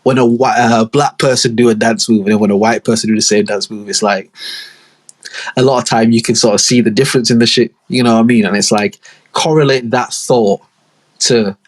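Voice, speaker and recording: A young man from holds forth alone on his podcast, loose and slangy, and he keeps slipping into mocking impressions. His voice sits mid-range and sounds somewhat husky. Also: medium pitch. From Leeds, northern England. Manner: casual, slangy, animated storytelling with mocking impressions. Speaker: podcast host. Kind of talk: solo podcast monologue.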